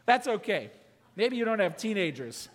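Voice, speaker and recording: A man's voice: high-pitched, very animated, normal speed. A man preaching a sermon as pastor, emphatic, with many rhetorical questions. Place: church sanctuary. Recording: long church reverb.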